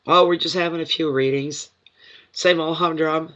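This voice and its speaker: The audio is dull and lo-fi as a man with a runny nose from a cold chats his way through an emotional, rambling tarot reading on a live stream. His voice is a little high and fairly bright, with fairly even intonation at normal speed.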